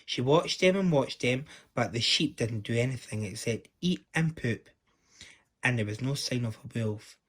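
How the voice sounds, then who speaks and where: A man reading a children's story aloud in a lively, expressive manner, with small stumbles. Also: medium pitch, moderate pace.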